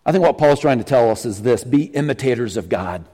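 A middle-aged man preaching a sermon as pastor, animated and teasing the congregation. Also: medium pitch, fairly quick, long reverb tail. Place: church sanctuary.

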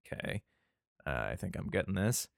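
A man hosts a podcast and reads old scripture aloud. His pitch swings up and down with animated energy. He trips over the archaic words and keeps breaking in with crude, irreverent remarks, recorded dry with no room sound. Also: moderate pace, gravelly, dry recording. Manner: irreverent, profane asides, stumbles over words. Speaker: podcast host. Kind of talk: casual scripture reading with commentary.

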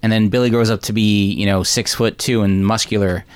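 A man's voice: lowish voice, fairly even intonation, fairly quick, clean tone. A man casually recapping a film with friends, acting out lines in exaggerated voices. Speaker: podcast host recapping a film. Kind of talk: casual chat.

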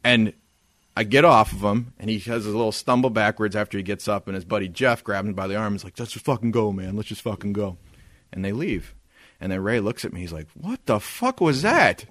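Animated, swearing man telling a story. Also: lowish voice, fairly quick, no room sound, studio quality. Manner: animated, profane, acts out quoted lines. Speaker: podcast co-host. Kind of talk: casual storytelling chat.

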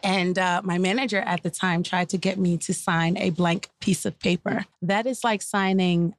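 A woman's voice: normal speed, no echo, studio quality. A woman in her thirties from the Caribbean, telling stories with lots of energy as a podcast guest. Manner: high-energy, animated storyteller. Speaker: podcast guest, actor and model. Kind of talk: casual interview storytelling.

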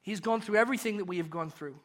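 A British man delivers a sermon in a notably high voice. His tone is bright and ringing, and he moves between loud, rising questions and quiet, hushed answers. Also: very fast. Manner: rhetorical questions, builds and drops in volume. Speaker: pastor.

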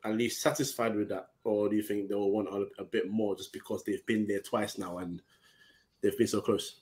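A man from Ghana hosting a casual podcast, playful and quick to laugh. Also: on the low side, little pitch movement, a little mellow. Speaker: podcast host.

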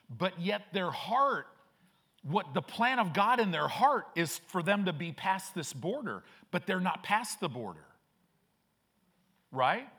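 A man's voice: fairly high pitch, fairly bright tone. A man preaching a sermon as pastor, emphatic and repetitive, with frequent restarts.

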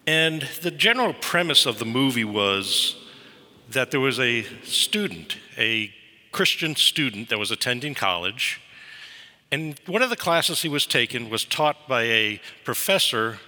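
A man preaching a sermon, telling a story in a lively way. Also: medium pitch, unhurried. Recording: reverberant hall.

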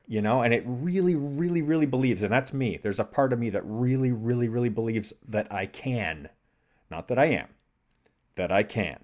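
A middle-aged podcast co-host shares a thoughtful personal story in a reflective, conversational way, acting out the voices in his head. He speaks in a mid-range voice at a moderate pace.

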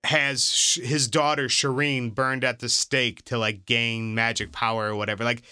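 A man's voice: mid-range voice, level tone, moderate pace, pushed and bright, clean tone, no echo. A man co-hosting a podcast in casual chat, rambling with lots of fillers and restarts. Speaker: podcast co-host.

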